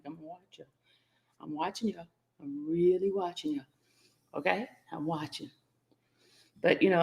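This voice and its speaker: A woman with a lowish, sharp-toned voice hosts a relaxed livestream. She playfully greets her viewers one by one by name and laughs often as she teases them.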